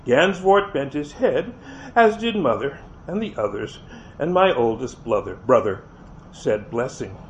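A man reading a first-person novel aloud, expressive, with occasional slips and restarts, on a dull lo-fi recording with faint hiss. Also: mid-range voice, measured pace. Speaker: reader.

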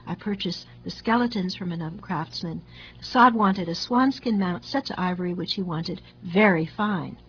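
A woman narrating a literary story in a measured, wry and deliberate way. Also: medium pitch, highs cut off, slight background noise.

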